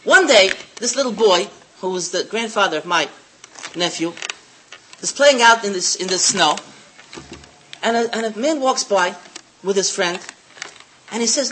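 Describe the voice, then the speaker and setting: A woman's voice: medium pitch, lively intonation, unhurried, pauses often, bright, forceful tone, slight background noise, poor audio. A woman giving a religious lecture, telling stories with emphasis and repeating key phrases. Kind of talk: Torah lecture with storytelling.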